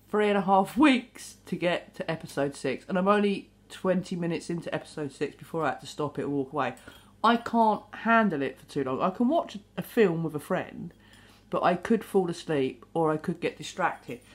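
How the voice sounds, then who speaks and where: A woman talking to camera in a rambling, animated monologue, swearing now and then. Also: fairly low pitch, moderate pace. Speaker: vlogger.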